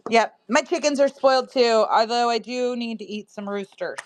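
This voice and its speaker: A little hiss or hum sits under a woman's slightly high voice, speaking at normal speed. She is a live-stream seller and host running a casual sale from home, chatting, laughing plenty, and speaking to viewers and her pet alike.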